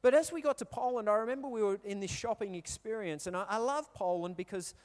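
High-voiced Australian pastor in a hall. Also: male voice, quick pace, a little mellow. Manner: chatty, storytelling, asks the crowd questions. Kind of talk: sermon. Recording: reverberant hall.

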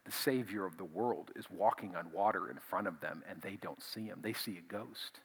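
A male pastor preaching a conversational, animated sermon, often repeating himself as he builds a point. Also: deep voice, normal speed, husky.

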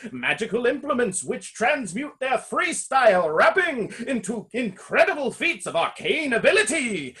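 A man, speaking with a bright, ringing tone and high pitch. His delivery swings widely, booming like a trailer announcer. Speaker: podcast co-host, game master. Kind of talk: casual chat; announcer-voice trailer read.

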